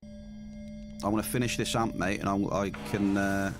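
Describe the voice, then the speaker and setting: A man's voice: fairly low pitch, level tone, unhurried, music in the background. Chatty man streaming a game. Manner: chatty, reads and answers chat. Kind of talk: casual gaming stream chat.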